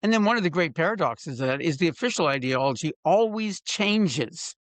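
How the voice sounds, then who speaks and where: An older man hosting a podcast interview, talking in a halting way and often repeating words as he restarts a thought. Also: fairly high pitch, lively intonation, no echo. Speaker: podcast host. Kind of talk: casual interview conversation.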